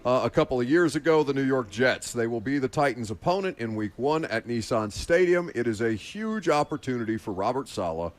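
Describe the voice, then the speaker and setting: A man's voice: medium pitch, big pitch swings, brisk, few pauses. A man hosting a sports talk radio show, teasing his co-hosts in casual banter. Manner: teasing, mock-exasperated with co-hosts.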